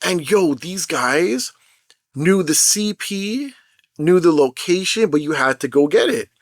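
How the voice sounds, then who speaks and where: Young man, vlog rant, rambling, profane, animated storyteller, slightly high voice, dry close sound. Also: unhurried, dry recording. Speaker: mobile game content creator.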